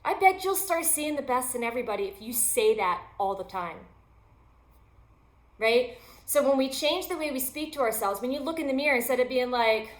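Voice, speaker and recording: A woman with a fairly high voice gives an upbeat, chatty motivational talk, teasing herself as she goes. She talks like a yoga teacher coaching her listeners. Her voice bounces around an echoey room. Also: expressive, moderate pace. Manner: upbeat, chatty, self-deprecating humor. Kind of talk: motivational self-help talk.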